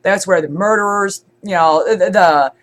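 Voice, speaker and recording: A woman's voice: mid-range voice, normal speed. A congested woman streamer chatting casually, rambling with many fillers and restarts. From born in Scotland, raised in Germany. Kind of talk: casual chat.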